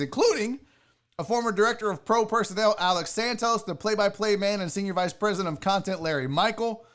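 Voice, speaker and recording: A man's voice: high voice, a bit bright. A man hosting a live sports talk show, ranting heatedly and swearing freely, a bit tipsy from drinking.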